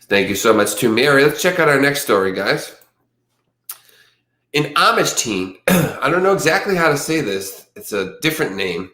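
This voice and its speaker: A man's voice: medium pitch, big pitch swings, moderate pace, pushed and bright. A man hosting a casual livestream who chats loosely with his audience, reads crime news aloud and stumbles over hard words. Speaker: livestream host. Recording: echoey room.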